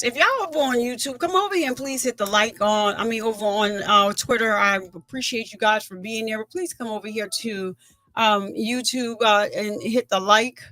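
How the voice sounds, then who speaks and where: Woman livestream host, slightly high voice, indignant, casual chat. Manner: animated, indignant, chats with viewers.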